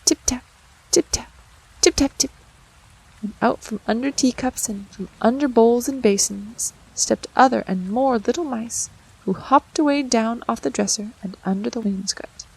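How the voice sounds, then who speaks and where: Gravelly-voiced woman reading a storybook. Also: fairly high pitch, normal speed, low-quality recording. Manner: expressive, acts out voices and sounds. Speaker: audiobook narrator.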